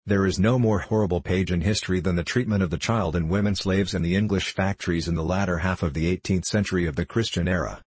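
A man reading a novel aloud in a steady, measured narration. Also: low voice, husky, no room sound. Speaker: audiobook narrator. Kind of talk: scripted narration.

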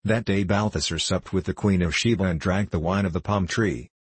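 A man reading an old tale aloud at a measured, even pace. His voice is very deep with a husky edge, and the recording is dry and close. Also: no echo. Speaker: narrator. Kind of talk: audiobook narration.

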